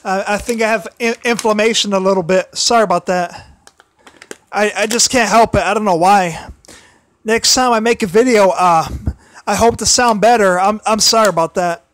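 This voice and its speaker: Male livestream host, high-pitched, throat worn and tired, stumbles and repeats himself; dry, close recording. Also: a bit bright, no room sound. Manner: halting, many restarts and repeated phrases. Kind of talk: casual solo livestream commentary.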